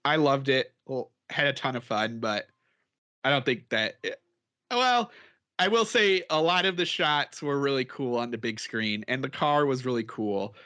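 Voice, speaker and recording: A man's voice: mid-range voice, normal speed, sharp tone. A man co-hosting a podcast in casual chat, rambling and chatty and laughing often as he talks. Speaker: podcast co-host.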